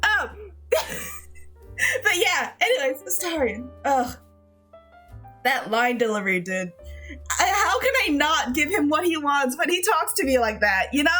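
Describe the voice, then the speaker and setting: A woman's voice: high-pitched, fairly bright tone. A woman streamer chatting casually with her viewers, gushing, giggling often and swearing freely, with frequent restarts.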